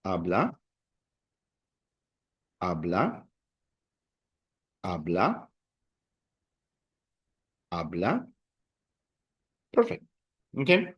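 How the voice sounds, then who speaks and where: Slow, patient teacher man. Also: mid-range voice, lively intonation, muffled recording. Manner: slow, patient, drills students with call-and-response. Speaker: Spanish teacher. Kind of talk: classroom lesson. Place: classroom.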